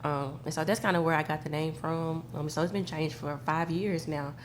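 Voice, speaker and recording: A woman with a Memphis accent, a guest talking in a relaxed, slangy way with many fillers. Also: deep voice, normal speed, noisy background. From Memphis, Tennessee. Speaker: guest, studio owner. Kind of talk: casual interview chat.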